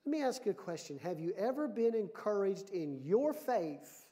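A man preaching a sermon as pastor, lively and full of questions put to the congregation. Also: high voice, normal speed. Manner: lively, asks the audience questions.

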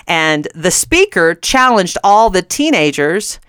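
A woman's voice: fairly low pitch, big pitch swings, slow pace, fairly bright tone, clean tone, no room sound, studio quality. A middle-aged woman hosting a Christian radio show, telling a personal story earnestly and often laughing mid-sentence.

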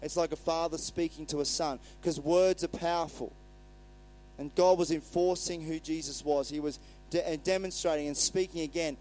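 A man's voice: a little high, fairly even intonation, a little fast, a little mellow, poor audio. A male pastor giving a sermon in a conversational way, retelling scripture and acting out the quotes.

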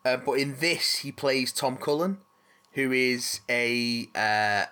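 A man's voice: medium pitch, slow, bright, forceful tone, clean tone. A man hosting a casual chat, rambling with restarts and casual swearing.

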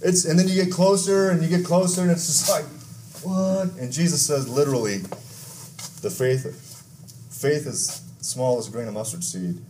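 A pastor from Texas, preaching a conversational sermon with asides, stories and questions to the congregation. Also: male voice, a little high, moderate pace, mellow, a little hiss or hum.

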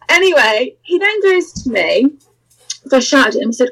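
Guest spot: high-pitched woman, lively and candid, acts out every voice in her anecdotes. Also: a little fast, poor audio. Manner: animated, acts out quoted voices, laughs through the story. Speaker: interview guest. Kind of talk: candid storytelling in a podcast interview.

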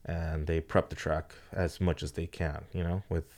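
A man chatting casually about racing, rambling with lots of "you know" and swearing, getting animated when he retells a story. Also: a bass voice, moderate pace. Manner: animated when retelling, voice jumps up for quoted lines. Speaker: drag racing team owner. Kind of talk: casual podcast chat.

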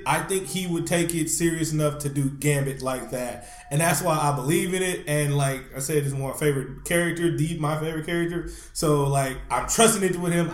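Male podcast co-host, lively storyteller, slightly high voice, roomy sound. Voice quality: animated storyteller, swears freely. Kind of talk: casual chat. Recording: roomy echo.

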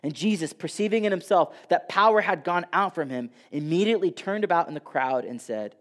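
A man preaching a sermon who swings from loud, emphatic passages down to soft near-whispers. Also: fairly high pitch, expressive, a little fast.

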